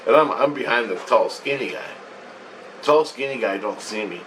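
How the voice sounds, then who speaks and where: A man recounts a strange dream in a loose, wandering way, full of casual swearing and repeated phrases. His voice sits at an ordinary middle pitch. He is set back from the microphone, with faint ambient noise underneath. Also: expressive, moderate pace, a bit bright, recorded from a distance, low-quality recording. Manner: meandering, profane, repeats himself. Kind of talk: rambling first-person dream account.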